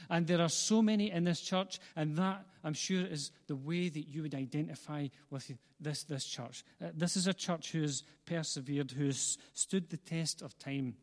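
Pastor preaching in a reverberant hall. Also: male voice, a little high, moderate pace, few pauses. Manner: earnest, building repetition, gentle asides to congregation. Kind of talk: sermon and closing prayer. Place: church hall. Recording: long reverb of a church hall.

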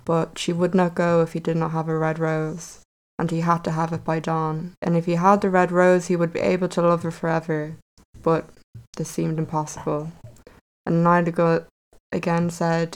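A woman's voice: lowish voice, monotone, normal speed, clean tone, low-quality recording. A woman casually retelling a fairy tale aloud, with wry conversational asides. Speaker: storyteller.

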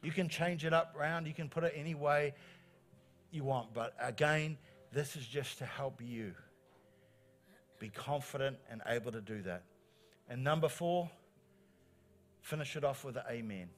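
A middle-aged man, preaching a sermon as pastor in an animated, encouraging way, repeating phrases for emphasis. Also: medium pitch, unhurried, pauses often. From New Zealand.

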